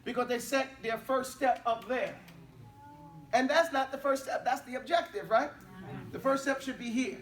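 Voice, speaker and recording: A man's voice: very high-pitched, normal speed, a bit bright, recorded from a distance. A man teaching an Arabic class in a casual, chatty way. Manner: casual, mixes English and Arabic drills.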